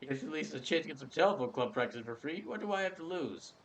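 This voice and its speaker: Man putting on an eager male clerk, flattering, wheedling, raised voice, lively. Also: on the high side, fast talker, voice pushed up. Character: eager male telephone club clerk, pleading.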